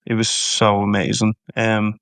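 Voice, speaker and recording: Enthusiastic Scouse man, smooth voice. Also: fairly low pitch, monotone, measured pace, a bit bright, no echo. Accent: Liverpool Scouse. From Liverpool, England. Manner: enthusiastic, repeats words while explaining. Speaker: tour guide guest. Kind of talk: casual interview storytelling.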